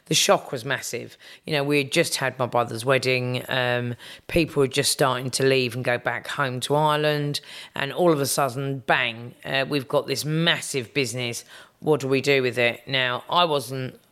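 Smooth-voiced woman telling stories. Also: a bass voice, a bit bright. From London, England. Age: 50s. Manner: chatty storyteller with frequent ums and restarts. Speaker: guest, business executive. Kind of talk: casual interview chat.

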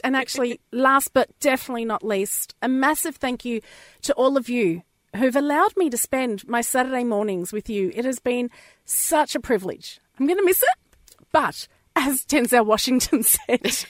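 A woman's voice: high voice, lively intonation, moderate pace, no echo, clean studio sound. A woman with an Australian accent hosting a radio show, chatty and effusive. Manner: chatty and effusive, laughing often. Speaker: radio host.

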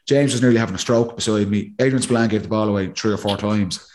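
A former player breaks down a match on a casual podcast, speaking quickly in a lowish voice. He's animated and acts out what the players are thinking.

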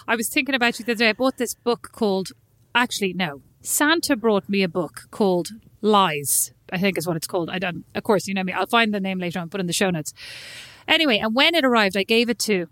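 A woman's voice: mid-range voice, a bit bright, dry recording. A woman with a slight lisp, co-hosting a podcast in rambling, self-mocking casual chat. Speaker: podcast co-host.

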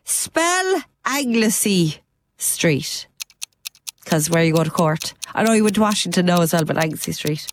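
A woman's voice: on the low side, a little hiss or hum. Irish woman from cork with a stuffy nose, bouncy podcast host chatter, swings up and down a lot. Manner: chatty, animated storyteller, quick laughs. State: blocked nose, congested. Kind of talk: casual chat.

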